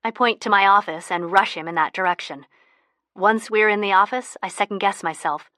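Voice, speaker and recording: A woman narrating a first-person audiobook in a soft, intimate manner, close to the mic. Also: medium pitch, moderate pace, no room sound.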